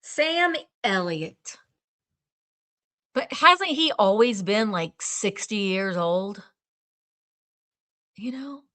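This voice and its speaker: A woman's voice: mid-range voice, animated, extremely slow, pauses often, a bit bright. A woman hosting a casual live stream, chatting in a rambling way and trailing off as she hunts for names. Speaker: live-sale stream host. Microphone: streaming setup.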